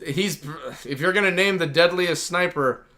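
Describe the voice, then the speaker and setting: Bright-voiced, rambling male streamer. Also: sits high, normal speed. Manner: rambling and enthusiastic, heavy use of "like". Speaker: livestream host. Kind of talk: casual livestream chat.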